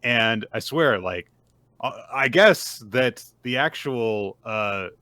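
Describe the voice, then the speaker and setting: A man's voice: mid-range voice, animated, takes it slowly, bright, forceful tone, no echo, clean studio sound. A man co-hosting a podcast, casually retelling a manga chapter in a chatty storytelling way. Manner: chatty storytelling, acts out dialogue. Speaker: podcast co-host.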